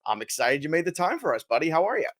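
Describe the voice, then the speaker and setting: An energetic, jokey American man hosting a casual fantasy sports podcast. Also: fairly high pitch, quick pace. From United States. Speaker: podcast host.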